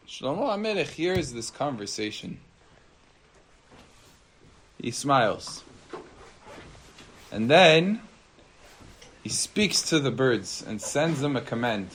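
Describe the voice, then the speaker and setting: A man's voice: mid-range voice, very animated, takes it slowly, long pauses, fairly bright tone. A man, a rabbi, teaching a Torah class by telling a story in a conversational way. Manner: conversational, with fillers and restarts.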